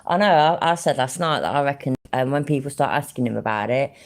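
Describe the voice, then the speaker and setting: Gravelly low-voiced woman, sarcastic. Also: brisk. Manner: sarcastic, mocking, swears a lot. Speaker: commentator reacting to a livestream. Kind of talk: casual commentary.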